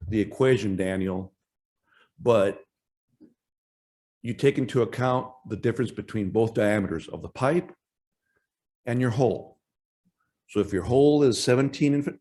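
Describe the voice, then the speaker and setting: Male workshop speaker with a somewhat low voice, explaining technical material in a halting, self-correcting way. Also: warm tone. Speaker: workshop presenter. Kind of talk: technical conference presentation.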